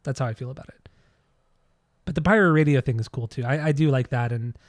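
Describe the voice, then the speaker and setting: A man's voice: mid-range voice, quick pace, no echo. An American man co-hosting a podcast in casual chat, rambling and trailing off when unsure. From United States. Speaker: podcast co-host.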